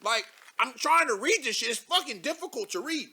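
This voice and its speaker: A young man hosting a live show, giving loud, mocking commentary as he reads posts aloud, laughing and repeating himself. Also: extremely high pitch, lively intonation, brisk, husky.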